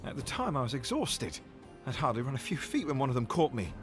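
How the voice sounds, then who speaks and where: A man's voice: mid-range voice, sing-song, fairly quick, music in the background, natural voice. An actor with a British accent playing a weary, sleepy young male miner in a video game, in a drowsy, rambling manner.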